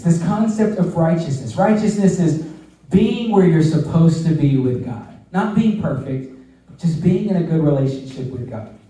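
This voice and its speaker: During a church service, a male youth pastor shares a personal story in his sermon with earnest sincerity, often tossing in "right?". He has a high voice with a dark tone, and the recording comes from a distance in an echoey hall.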